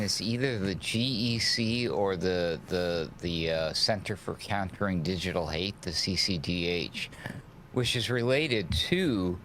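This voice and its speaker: A man's voice: deep voice, fairly bright tone, slight background noise. A man who hosts a show, chatting and teasing the others on a casual stream. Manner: teasing, quick asides. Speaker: host of a show.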